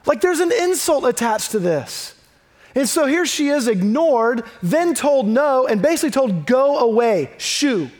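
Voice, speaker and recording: A man preaching a sermon in a conversational, emphatic way, dropping low and quiet when he reads scripture. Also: sing-song, normal speed.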